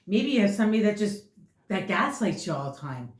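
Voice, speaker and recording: A woman's voice: medium pitch, sing-song, fairly quick. A woman giving a casual tarot reading, talking bluntly and with a lot of swearing as she rambles. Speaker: tarot reader. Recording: echoey room.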